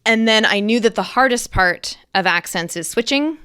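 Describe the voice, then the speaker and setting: A middle-aged woman, an actress, chatting as an interview guest and telling animated stories with lively quoted bursts. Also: fairly high pitch, moderate pace, clean tone, dry recording, clean studio sound. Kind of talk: casual interview chat.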